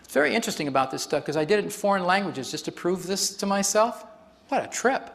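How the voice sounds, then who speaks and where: A man's voice: sits high, lively intonation, quick pace, gravelly, a bit bright. A man facilitating a live workshop demonstration on stage before an audience, explaining in a chatty way and laughing often.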